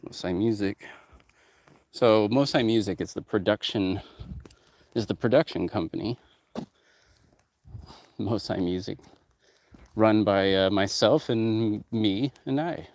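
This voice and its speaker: A producer who heads his own music company speaks slowly in a fairly low, darkish voice, pausing at length, with no room sound on the recording. He rambles loosely across topics and swears a lot.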